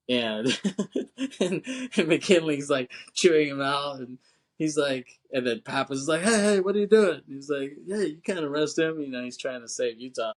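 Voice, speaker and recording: A man co-hosting a podcast, chatting casually about a film in a laid-back, slangy way, swearing and laughing often. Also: mid-range voice. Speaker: podcast co-host.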